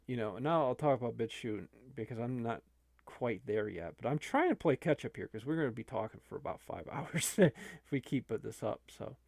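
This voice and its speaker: A man's voice: mid-range voice, expressive, moderate pace, gravelly, darkish tone, no echo, studio quality. A man, an online video creator, talking casually and rambling with many restarts.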